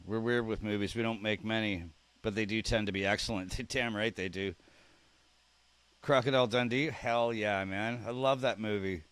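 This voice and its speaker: A man with a low-pitched voice hosts a relaxed live stream, chatting easily with his viewers. He reads their messages and answers them aloud, and repeats unfamiliar slang a few times as he tries it out. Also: normal speed, clean tone. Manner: chatty, reacts aloud to chat messages, repeats words while trying them out. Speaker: streamer reading live chat. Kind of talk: casual live-stream chat.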